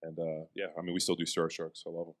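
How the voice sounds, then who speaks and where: A man's voice: deep voice, quick pace. A man hosting a podcast, chatting casually with his guest and chiming in. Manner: relaxed, chatty, interjects. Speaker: podcast host. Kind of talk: casual interview chat.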